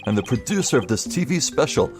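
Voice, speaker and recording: A man voicing a brash, sleazy middle-aged TV producer with fast showbiz patter. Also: medium pitch, very animated, music in the background, close to an everyday voice. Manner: fast-talking showbiz patter, drawn-out taunts.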